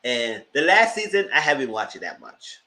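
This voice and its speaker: A man hosting a live TV review, giving sassy, animated commentary straight to his viewers. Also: mid-range voice, normal speed, rough recording. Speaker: TV review host.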